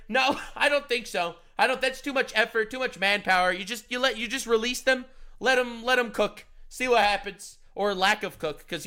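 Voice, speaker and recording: Young man, streamer, high voice, sharp tone, sarcastic, swearing, excitable. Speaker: streamer reacting to news clips. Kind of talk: casual profane commentary.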